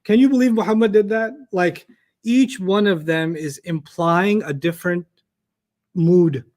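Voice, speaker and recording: A man teaching an Arabic lesson to a class, explaining word order with lively made-up examples and questions to the students. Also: sits high, measured pace. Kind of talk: classroom lecture.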